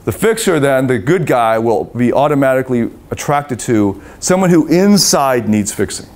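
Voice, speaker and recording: A man's voice: mid-range voice, lively intonation, normal speed, a little mellow. A middle-aged man coaching on relationships in a live seminar, swearing freely and acting out the voices of babies and parents.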